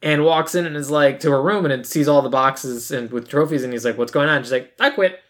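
A woman's voice: extremely low pitch, fairly even intonation, a little fast. A woman co-hosting a podcast, casually recapping a movie and acting out the characters' lines. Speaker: podcast co-host.

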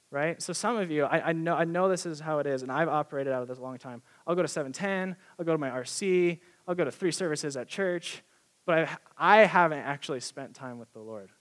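A young man preaching a sermon in a conversational, earnest way, full of casual fillers, to an audience in a church hall. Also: a little high. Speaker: pastor. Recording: long reverb of a church hall.

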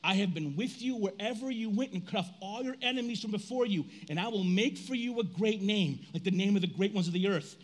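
A man in his forties preaching a sermon in a casual, animated way, reading scripture and breaking into loud outbursts. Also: high-pitched, a little fast, hardly any pauses. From United States. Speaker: pastor.

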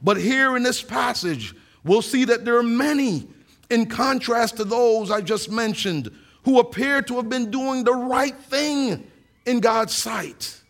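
A man who is a pastor, preaching a sermon with earnest rhetorical questions and reading scripture aloud slowly for emphasis. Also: very high voice, fairly bright tone.

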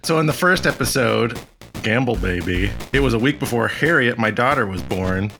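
A man's voice: mid-range voice, animated, normal speed, gravelly, over music. A man in his thirties running a casual trivia podcast round, rambling a bit and laughing often. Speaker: trivia quizmaster.

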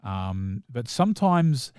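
A man's voice: mid-range voice, big pitch swings, slow pace, darkish tone, smooth, no room sound, clean studio sound. A man with a New Zealand accent, co-hosting a casual chat about films and shows, talking in a rambling, enthusiastic way full of restarts and fillers. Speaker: podcast co-host.

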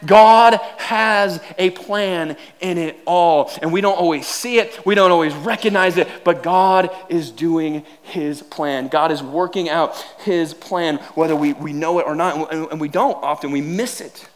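A man preaching a sermon, animated and self-deprecating, telling funny everyday stories and often repeating words. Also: on the high side, unhurried, few pauses. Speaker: pastor. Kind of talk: sermon with humorous storytelling.

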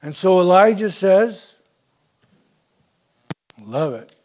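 A male pastor preaching a sermon, retelling scripture stories with big swings from loud to soft. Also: sits high, animated, unhurried. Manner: storytelling, dramatic swings in loudness.

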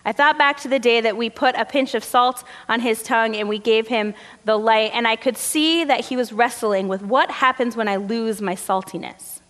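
A woman's voice: on the high side, normal speed, few pauses. A woman pastor preaching a sermon, telling stories in a conversational way with casual fillers. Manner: conversational storytelling, relaxed fillers. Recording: long hall reverb.

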